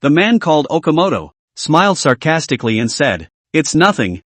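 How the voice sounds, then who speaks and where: A man giving scripted narration of a comic recap in a steady dramatic storytelling manner. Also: fairly high pitch, a little fast, no room sound.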